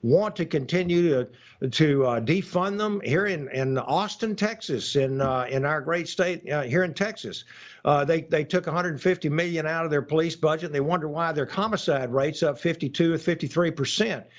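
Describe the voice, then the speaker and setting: A man's voice: a little high, moderate pace, dull audio. A man speaking as a congressman guest in a live TV interview, emphatic and hesitant with many fillers.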